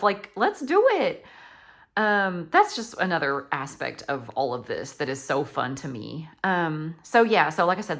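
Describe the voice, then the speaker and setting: A woman's voice: sits low, fairly bright tone. A woman, chatting casually as a craft vlogger, gushing and rambling with lots of likes and ums. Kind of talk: casual chatty flip-through.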